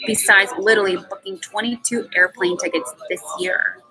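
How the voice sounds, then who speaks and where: A woman streaming live and pouring out her frustrations in blunt, cursing bursts, her voice leaping up in pitch when she presses a point. Music plays clearly behind her the whole time. She has a middle-pitched, conversational voice. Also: rough recording. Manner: emphatic, profane venting with sudden pitch jumps. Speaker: livestream host. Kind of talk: unscripted emotional monologue.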